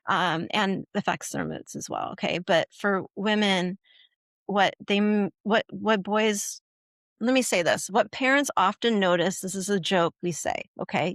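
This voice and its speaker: A woman's voice: medium pitch, dry recording. Chatty woman expert with dry sound. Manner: chatty, frequent "right?" and "okay?", acts out quoted lines. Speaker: guest expert on puberty education. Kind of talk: conversational podcast interview.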